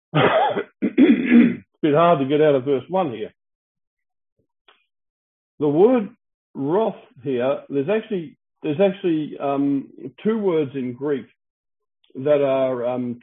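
A man teaching through Bible verses, explaining Greek words, with frequent fillers and restarts. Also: fairly high pitch. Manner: halting, many fillers and restarts, clears throat. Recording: tinny phone-like audio.

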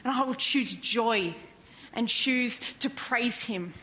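A woman preacher delivering a sermon, animated and expressive, dropping to a hush and rising again, with a slightly high voice. The recording is dull and lo-fi, with a faint hiss underneath. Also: takes it slowly. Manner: animated, swinging from loud to hushed, laughs often.

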